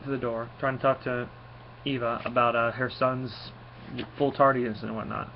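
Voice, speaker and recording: A man's voice: medium pitch, little pitch movement, normal speed. A man giving a casual spoken review, rambling along with frequent fillers and restarts. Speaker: comic book reviewer. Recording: slightly dull lo-fi recording with faint noise.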